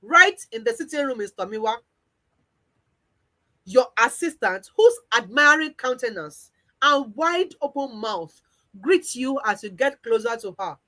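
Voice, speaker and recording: A woman's voice: on the high side, unhurried, low-quality recording. Nigerian woman narrating a visualization. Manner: second-person storytelling, lively. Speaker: weight-loss coach.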